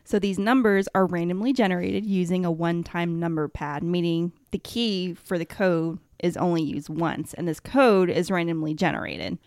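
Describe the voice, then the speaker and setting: A woman's voice: on the low side, steady tone, normal speed, hardly any pauses, a little mellow, no echo, clean studio sound. A woman hosting a podcast, casually explaining science topics to her friends in a chatty way. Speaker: podcast host.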